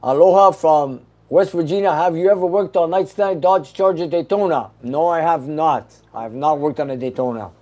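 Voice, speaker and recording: A man's voice: fairly high pitch, brisk, few pauses, mellow. A man hosting a casual livestream, reading viewer comments aloud and answering them briefly with an easy laugh. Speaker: host reading live chat questions.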